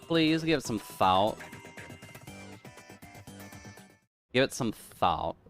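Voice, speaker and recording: A man's voice: mid-range voice, big pitch swings, unhurried, a bit bright, soft background music, voice pushed up. A man voicing a brash male blogger in a put-on Southern drawl, folksy and defensive. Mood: preachy. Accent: put-on American Southern drawl.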